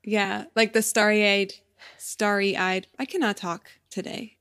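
A woman's voice: mid-range voice, flat delivery, takes it slowly, a bit bright, smooth. Woman, thirties, podcast co-host, giggly and chatty, loose casual delivery. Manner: giggly, chatty, trails off with fillers. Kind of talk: casual chat.

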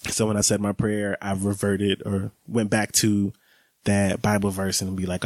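Low-voiced young man, chatty and dry. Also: completely flat delivery, moderate pace, no echo. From American South. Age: 20s. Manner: chatty, laughs while talking. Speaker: vlogger. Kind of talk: casual vlog monologue.

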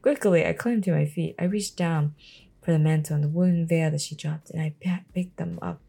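A woman's voice: low-pitched, a little fast, creaky, dark tone, slightly rough. A woman reading a novel aloud at bedtime, casually, stumbling and restarting often. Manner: reads with frequent stumbles and restarts.

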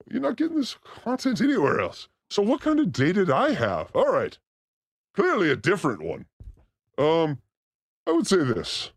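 A man's voice: on the high side, no echo, studio quality, heavily acted. A man doing a manic crude demon. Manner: manic, crude, frequent shouting outbursts. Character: boastful crude male demon comedian. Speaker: comedy streamer playing a demon character. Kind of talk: live-stream comedy rant.

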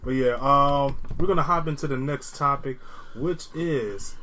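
A man's voice: medium pitch, unhurried, bright, forceful tone, a little hiss or hum, low-quality recording. Laughing man hosting a casual chat. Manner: laughs often, trails off. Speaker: podcast host.

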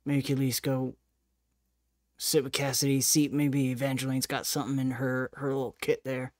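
A man's voice: medium pitch, level tone, normal speed, a little mellow, no echo, studio quality. A man playing a tabletop game in character, hesitant and coaxing. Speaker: player.

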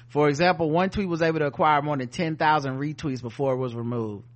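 A man co-hosting a podcast, reading news headlines and riffing on them in casual, sardonic, profane chat. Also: fairly high pitch. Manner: profane, sardonic, reads headlines then riffs. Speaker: podcast co-host.

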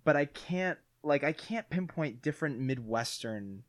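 A young man hosting a podcast in a relaxed, agreeable casual chat, sometimes searching for words. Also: fairly high pitch, measured pace, crowd noise. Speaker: podcast host.

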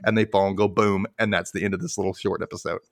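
A man casually recapping a cartoon on a podcast, animated, laughing often and acting out quotes. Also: deep voice, fast, no echo, clean studio sound. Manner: animated retelling, frequent laughter, acts out quotes.

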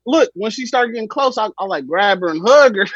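A young man telling a funny story on a podcast, animated, slangy and laughing often. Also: high-pitched, moderate pace, slightly rough, no echo, highs cut off. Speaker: podcast guest. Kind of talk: casual storytelling.

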